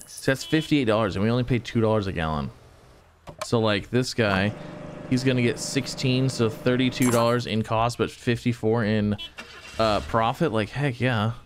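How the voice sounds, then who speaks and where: A man's voice: mid-range voice, normal speed, noisy background. A man casually commenting on his own gameplay, talking to viewers and to himself with frequent exclamations. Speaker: gaming channel host.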